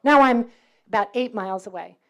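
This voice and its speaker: A middle-aged New Yorker with a mostly faded accent speaks on campus, briskly telling students a personal faith story. Her voice runs on the high side, and she livens it up by acting out dialogue and laughing often.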